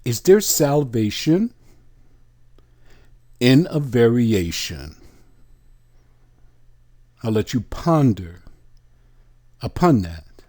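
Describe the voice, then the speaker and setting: A man preaching a sermon, reading scripture aloud and putting pointed questions to his listeners in a slow, emphatic teaching manner. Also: mid-range voice, very animated, warm tone.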